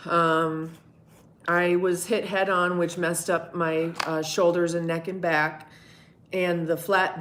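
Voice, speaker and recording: A middle-aged woman with a notably low, deep voice chats casually on a live stream. She talks in a candid, meandering way, answering viewers one by one and dropping curse words without a second thought. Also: slight background noise. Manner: candid, rambling, swears freely. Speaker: livestream host answering chat.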